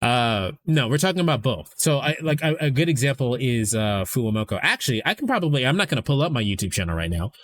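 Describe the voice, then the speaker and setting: A man's voice: medium pitch, big pitch swings, fast talker, few pauses. A man hosting a live stream, talking in a casual, rambling way and swearing freely. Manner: rambling, profane, conversational. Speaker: streamer host.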